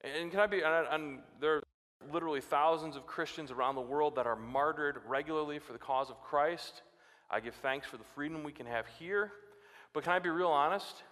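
A man preaching from the pulpit in a high, ringing voice. He reads scripture with rising drama and then drops low for personal asides. The sound carries a long hall reverb. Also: brisk, fairly bright tone. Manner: dramatic, rises sharply when quoting scripture. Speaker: pastor. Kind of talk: sermon.

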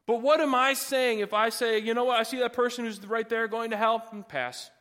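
A man's voice: very high voice, fairly quick, a bit bright, long reverb tail. A man pastor delivering a sermon with folksy asides, building to emphatic, rising passages.

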